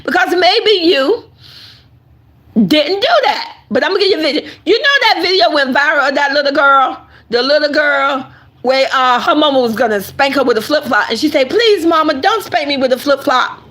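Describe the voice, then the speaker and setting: A woman with a high-pitched voice giving casual commentary to her online audience. She is animated and emphatic and keeps addressing her viewers directly. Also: moderate pace. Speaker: online content creator.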